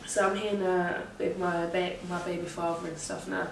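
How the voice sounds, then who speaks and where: A young woman, casually retelling a story in an animated, slangy way full of swearing. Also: lowish voice, moderate pace, gravelly, slight background noise. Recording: echoey room heard from a distance.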